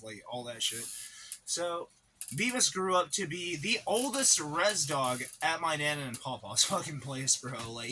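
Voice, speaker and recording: A man's voice: medium pitch, sharp tone, slight background noise. A man co-hosting a podcast, telling long rambling stories in casual chat, packed with fillers and swearing. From Native American reservation community. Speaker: podcast co-host. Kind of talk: casual storytelling.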